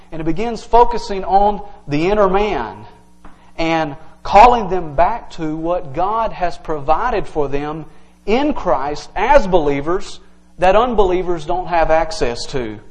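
A man's voice: high-pitched, a little mellow, rough recording. A male pastor preaching an earnest, emphatic evening sermon to his congregation, teaching verse by verse.

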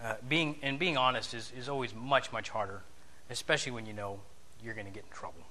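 A man's voice: mid-range voice, fairly quick, bright, forceful tone. A man giving a conversational sermon lesson, telling a story, acting out bits of dialogue and asking his listeners questions.

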